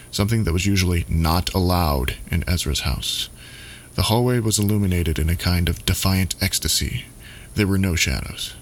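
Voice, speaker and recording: A man narrating a scripted story in a measured, steady reading. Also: deep voice, slight background noise.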